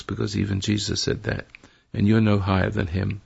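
An older male radio host with a very gravelly, husky voice rambles through spiritual advice to a caller. He talks in a preachy way and keeps correcting himself. The broadcast sounds dull and lo-fi. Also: lowish voice, level tone, normal speed. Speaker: radio talk show host. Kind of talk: advice to a caller on a call-in show.

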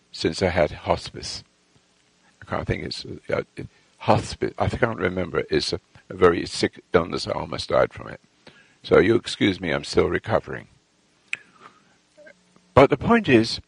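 Man, gravelly and slow-spoken, lively pitch, self-assured, halting anecdote teller. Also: no echo, poor audio. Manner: halting, with restarts and lost threads; boastful, self-assured storytelling. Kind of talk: rambling personal anecdote.

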